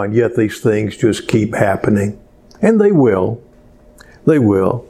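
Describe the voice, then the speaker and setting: A man's voice: on the low side, sing-song, slow pace, dark tone, slight background noise. A male pastor preaching a folksy, conversational sermon full of rhetorical questions to his congregation.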